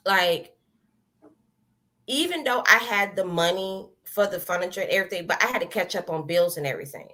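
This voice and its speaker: A woman giving a testimony, telling her story in a lively way, acting out her own past words and laughing often. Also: on the low side, fairly quick. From American South. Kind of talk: animated personal storytelling.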